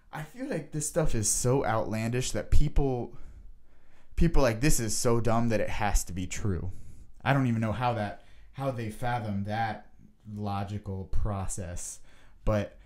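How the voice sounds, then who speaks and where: A man ranting in a casual vlog, animated and sarcastic. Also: on the low side. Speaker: vlogger.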